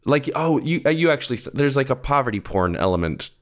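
A man's voice: mid-range voice, sing-song, fast. A young man co-hosting a film podcast, talking casually in a rambling way full of "like" and "um". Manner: rambling, full of "like" and "um", laughs easily. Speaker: podcast co-host.

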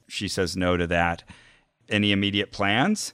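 A man's voice: lowish voice, steady tone, moderate pace, a bit bright, smooth, no echo, studio quality. A man casually recounting a story on a podcast, acting out the quotes. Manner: recounts events, acts out quotes. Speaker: podcast co-host.

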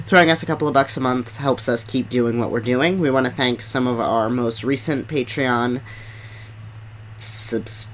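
A podcast co-host with a mid-range voice in easygoing chat. The delivery is loose and upbeat, sprinkled with ums and likes. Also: mid-range voice.

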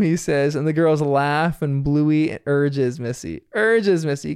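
Chatty male reviewer, somewhat high, smooth clear voice, dry close sound. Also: takes it slowly, hardly any pauses, a little mellow, dry recording. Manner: amused, chatty, laughing often. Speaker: cartoon episode reviewer. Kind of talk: casual episode recap.

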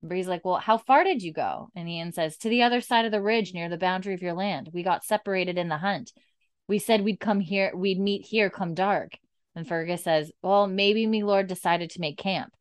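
A woman co-hosting a casual podcast recaps a TV episode, retelling its scenes line by line in a flat voice sprinkled with casual fillers. Her pitch is fairly low and her speed normal, recorded with studio quality and no room sound.

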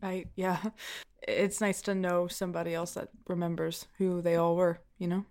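A woman playing her character in a tabletop game, speaking earnestly and haltingly. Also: fairly low pitch, level tone, darkish tone. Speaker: player. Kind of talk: in-character tabletop role-play.

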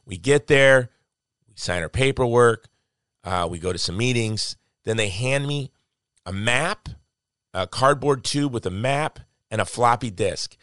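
A middle-aged man with a New Jersey accent, hosting his show and telling a story in a casual, animated way. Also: mid-range voice, unhurried, dry recording, studio quality. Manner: animated, acts out quoted voices. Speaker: show host.

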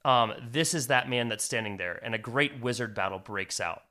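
Bright-voiced man narrating as game master. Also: medium pitch. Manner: dramatic, with fillers and slow emphatic phrases.

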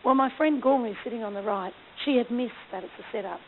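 A woman's voice: fairly high pitch, fast talker. Aussie woman giving a talk, jokey storyteller, sounds like a phone line w/ a bit of hiss. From Australia. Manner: lively, self-deprecating storyteller. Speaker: speaker at a mission conference. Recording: tinny phone-like lo-fi recording with faint hiss.

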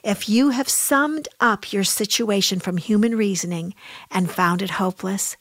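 A woman preaching a sermon in an emphatic way, dropping to soft low asides and rising to raised exclamations. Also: unhurried, dry recording, clean studio sound. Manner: addresses listeners as "honey".

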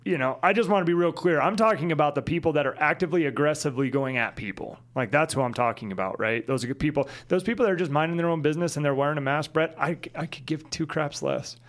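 A man co-hosting a casual chat, talking in an animated way and repeating phrases for emphasis. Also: a little high, quick pace, hardly any pauses.

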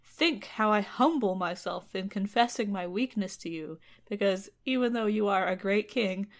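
A woman's voice: mid-range voice, normal speed, lightly acted. A woman voices an ugly old fairy who loves without hope, swinging between disdain and pleading. The delivery is a mock-dramatic comic reading. The voice sits in a middling range. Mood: overwrought. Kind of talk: comedic storytelling reading.

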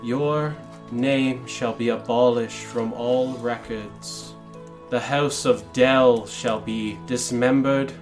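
A man voicing a cold, imperious fey king who speaks in slow, grave pronouncements. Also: mid-range voice, fairly even intonation, soft background music, natural voice. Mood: menacing.

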